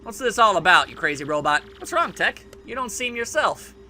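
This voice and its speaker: A man puts on a young captive princess from a video game, sounding puzzled and questioning. The voice is high and bright. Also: very animated, moderate pace, slight background noise, full character voice. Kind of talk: let's play voice acting.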